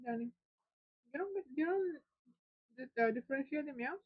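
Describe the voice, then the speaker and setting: A woman's voice: high-pitched, animated, unhurried. A woman co-hosting a casual live stream, chatty as she reads out viewer comments. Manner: chatty, reads out chat comments with light laughter. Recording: dull lo-fi stream audio.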